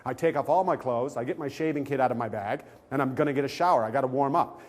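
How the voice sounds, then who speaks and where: A male comedian tells a funny anecdote in a talk-show setting. His voice sits at a medium pitch, and he keeps the story animated by slipping into the voices of the people in it. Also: fast.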